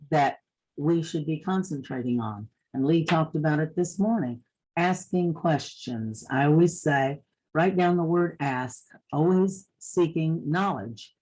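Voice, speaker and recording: A woman's voice: deep voice, warm tone, breathy edge, low-quality recording. An older woman with an Eastern Kentucky accent giving a folksy, down-to-earth motivational talk to fellow realtors at a conference.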